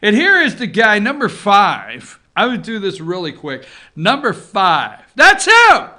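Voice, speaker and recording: A man hosting an opinion show, giving casual political commentary in an animated, sarcastic way that swings from loud outbursts to low muttering. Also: measured pace.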